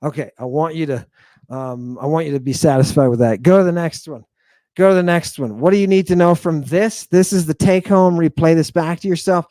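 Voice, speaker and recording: A man teaching ancient Greek grammar in a casual, animated lecture, blunt and talking straight to his viewers. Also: a little high, a little fast, dry recording. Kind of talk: casual lecture over slides.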